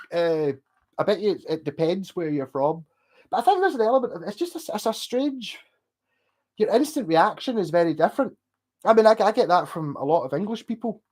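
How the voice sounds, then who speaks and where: A man's voice: high voice, breathy edge. Chatty Glasgow-accented man. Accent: Scottish, Glasgow. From Scotland. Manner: rambling, animated, swears, laughs often. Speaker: streamer chatting with viewers. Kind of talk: casual livestream chat.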